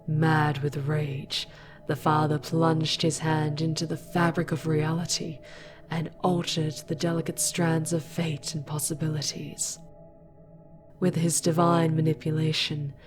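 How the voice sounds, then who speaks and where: A grave, sorrowful fallen angel, put on by a woman in a whispered role-play, hushed and half-whispered. The voice sits low and moves with slow, solemn weight. Music plays underneath the storybook telling. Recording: music playing behind.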